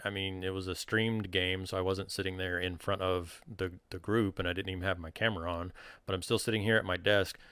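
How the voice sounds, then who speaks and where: Resonant, low-voiced storytelling man. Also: fairly quick, clear, resonant tone, no echo. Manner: animated storytelling. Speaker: game master. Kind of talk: casual chat.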